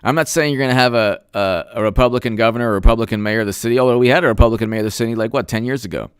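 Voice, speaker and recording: A man's voice: mid-range voice, racing, clean tone, dry recording. A man doing sarcastic live-stream commentary, reading chat and mocking people with put-on voices. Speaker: political commentator.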